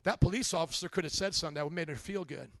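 Fiery high-voiced male preacher. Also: rapid-fire, gravelly, dry recording. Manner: impassioned preaching, rhetorical questions to the congregation, builds to shouts. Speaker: pastor. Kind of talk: sermon.

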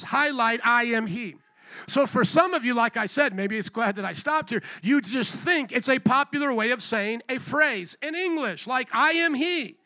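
A man preaching a sermon with fervent call-and-response, pressing his listeners and at times shouting. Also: very high-pitched, animated, moderate pace, no echo. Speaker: pastor.

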